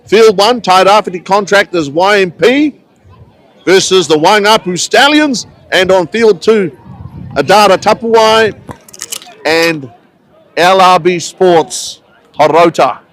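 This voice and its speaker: A man giving relaxed, chatty live commentary on a local rugby match, with friendly asides between the plays. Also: high-pitched, slow pace, no room sound, a faint crowd, low-quality recording. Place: outdoors at a rugby ground.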